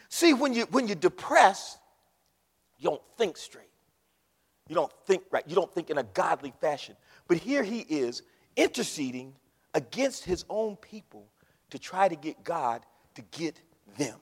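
Animated high-voiced preacher in a reverberant church. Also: male voice, unhurried, husky. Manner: fervent preaching that swells to shouts. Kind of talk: sermon. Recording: long hall reverb.

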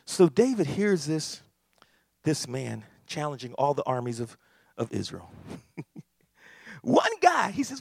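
A man preaching a sermon as pastor, animated, repetitive and emphatic. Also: on the high side, slow, vocal fry, pauses often, slightly rough, dry recording.

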